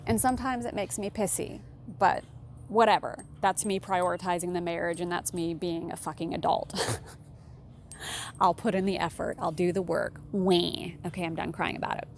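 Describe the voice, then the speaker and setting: A woman relationship consultant giving blunt, candid advice in a solo monologue, swearing casually and jumping up in pitch for emphasis. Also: moderate pace, a little hiss or hum. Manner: animated, with sudden emphatic jumps in pitch.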